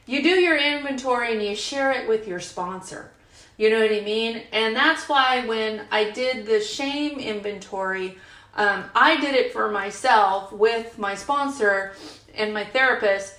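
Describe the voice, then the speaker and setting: A woman in her fifties shares frankly and chattily at a recovery group retreat, her slightly high, bit-bright voice unhurried and full of fillers. The casual group share was captured in a meeting room on a roomy, imperfect recording.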